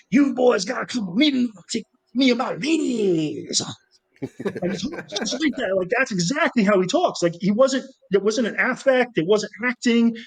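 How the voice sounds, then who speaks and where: A middle-aged man telling rambling, animated anecdotes as a guest in a casual interview, full of fillers and restarts. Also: sits high, rough recording. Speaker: guest filmmaker.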